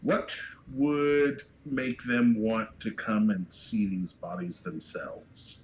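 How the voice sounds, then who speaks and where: A man playing in a tabletop game, speaking in a deliberate, commanding way. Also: on the low side, animated, muffled recording. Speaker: player. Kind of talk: in-character tabletop play. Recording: faint background noise.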